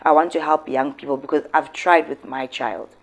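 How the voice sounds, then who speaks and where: Expressive South African woman commentator. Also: low-pitched, moderate pace. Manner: expressive, emphatic, switching into local words. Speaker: commentary host. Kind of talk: casual commentary.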